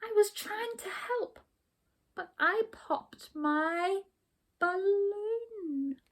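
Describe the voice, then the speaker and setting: A woman's voice: very high-pitched, drawn-out words, fairly bright tone, pitched above the performer's own voice, exaggerated voice. A woman voicing a timid little male hare in a small, shaky voice. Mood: nervous.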